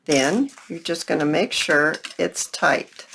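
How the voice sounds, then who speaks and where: A woman's voice: sits low, lively intonation, takes it slowly, vocal fry, background noise. An older woman hosting a casual, chatty crafting tutorial, talking straight to her viewers in a folksy way. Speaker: craft channel host.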